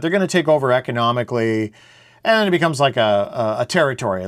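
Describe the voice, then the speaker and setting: A man's voice: fairly high pitch, very animated, fairly quick. A man, hosting a casual, opinionated monologue in a blunt, rambling way. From Canada. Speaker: show host.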